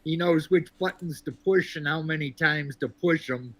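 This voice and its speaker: A man from Texas calling into a sports show, talking in a measured, wry way with lots of fillers. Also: a little high, a bit bright, no echo. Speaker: caller. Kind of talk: casual sports call-in chat.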